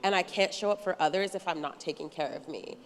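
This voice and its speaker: Candid woman panelist, lowish voice. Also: quick pace, slight background noise. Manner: candid, reflective, laughs easily. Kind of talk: reflective panel remarks. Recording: hall reverb.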